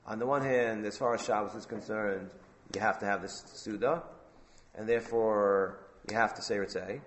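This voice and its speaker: Man teaching a lively Talmud class. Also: fairly low pitch, normal speed, slight background noise. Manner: lively, prompts students with questions; repeats phrases for emphasis.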